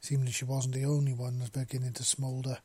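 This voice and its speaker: A man's voice: medium pitch, completely flat delivery, fast, mellow, husky, dry recording. A man reading a romance story aloud, with small slips and restarts. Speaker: narrator. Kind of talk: amateur fiction reading.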